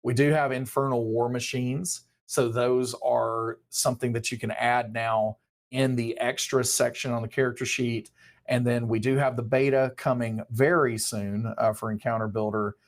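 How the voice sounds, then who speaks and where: Male host, casual live-stream update, relaxed and chatty, mid pitch. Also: moderate pace. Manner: casual, friendly, a few uh fillers.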